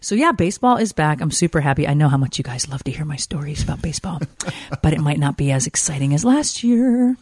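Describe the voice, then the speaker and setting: A woman's voice: low-pitched, very animated, quick pace, darkish tone, slightly rough, no echo. A middle-aged woman hosting a podcast, telling rambling stories in a chatty way with lots of fillers. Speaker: podcast host. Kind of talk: casual chat.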